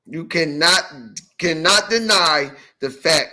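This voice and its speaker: Speaking slowly in a voice on the high side, a male podcast host tells a story in casual chat. He's animated, swears a lot, and acts out others' words.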